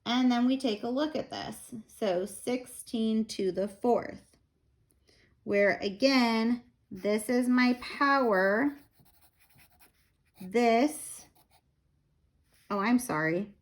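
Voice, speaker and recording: A woman, tired and a little out of breath, slowly explaining a math lesson step by step with fillers. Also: a little high. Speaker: math teacher.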